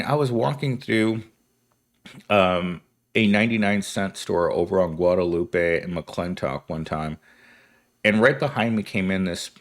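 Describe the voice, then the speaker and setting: A young man giving a rambling, wry monologue commentary, correcting himself and laughing as he goes. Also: low voice. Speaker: commentary host.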